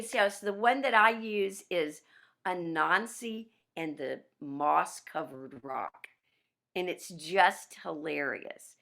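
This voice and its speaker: A woman piano teacher giving a workshop over a video call, chatty and animated, with restarts. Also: on the low side, gravelly.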